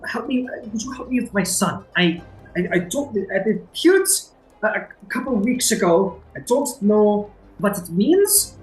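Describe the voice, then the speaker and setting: A man's voice: very animated, moderate pace. A man doing a frantic young village mother. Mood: anxious. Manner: high, breathless, stammering. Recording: echoey room, faint music.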